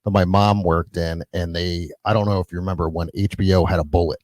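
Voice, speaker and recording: A man hosting a podcast who chats casually, reacts quickly and swears. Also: low-pitched, fairly even intonation, a little mellow, dry recording. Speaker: podcast host. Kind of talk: casual chat.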